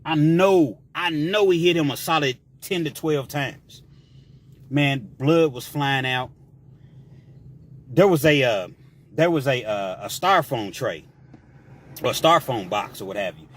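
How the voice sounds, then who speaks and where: A man telling a story in a casual, slangy way, with animated delivery and shouted sound effects. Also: mid-range voice, measured pace, long pauses.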